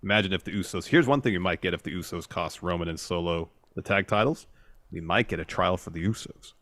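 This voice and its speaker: Low voiced guy on a wrestling podcast, calm, analytical, dry mic. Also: fast, no echo. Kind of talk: casual recap chat.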